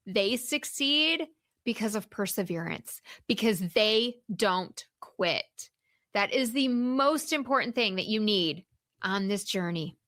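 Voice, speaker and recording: A woman hosting a solo motivational podcast as a career coach, encouraging and emphatic, slowing down to stress key points. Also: fairly high pitch, a bit bright, no room sound, clean studio sound.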